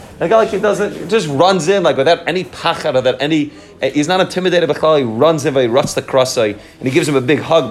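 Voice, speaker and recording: A man teaching a story with commentary as a Torah teacher, animated, repeating words and phrases, and mixing in Hebrew and Yiddish terms. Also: a little high, quick pace.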